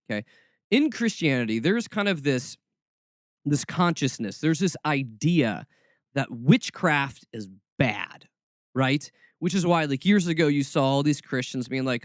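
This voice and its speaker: A man's voice: on the high side, normal speed, dry recording, studio quality. A man hosting a podcast, giving snarky, exasperated commentary. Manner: sarcastic, exasperated, animated. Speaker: podcast host.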